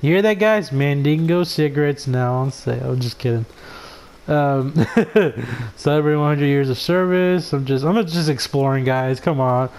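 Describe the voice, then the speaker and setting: A man giving excitable, laugh-filled let's play commentary, swearing freely as he reacts to the game. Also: medium pitch, a little slow, smooth. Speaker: gaming commentator.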